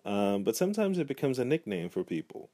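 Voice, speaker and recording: In a mid-range, sing-song voice that moves a little fast, a man teaches pronunciation, patiently repeating each example word. His tone is mellow, and there's no room sound at all.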